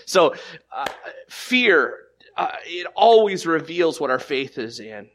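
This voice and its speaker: A man delivers a sermon as pastor, slow and a little high in pitch, animated as he shifts from loud, emphatic lines to quiet ones. He restarts repeatedly.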